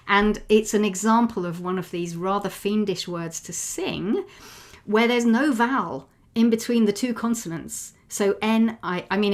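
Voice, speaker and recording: A woman giving an online talk on a video call, explaining songs and singing wordless melodies to teach them. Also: mid-range voice. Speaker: presenter of a song talk. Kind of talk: online talk with sung demonstrations.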